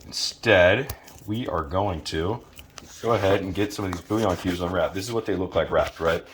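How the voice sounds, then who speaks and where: Low-voiced man cooking over a sizzling pan. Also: normal speed. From Louisiana, USA. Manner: laid-back, profane, joking asides. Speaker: home cook. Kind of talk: casual cooking tutorial. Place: home kitchen. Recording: noisy kitchen with frying sizzle. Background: food sizzling in a pan.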